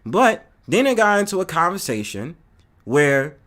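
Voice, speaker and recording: A man hosts a casual live stream and rants to his viewers. His pitch sits a little high and jumps around constantly as he gets worked up. He talks loose and profane and keeps calling out viewers in the chat by name. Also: sing-song, unhurried, a bit bright. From New York City. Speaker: host.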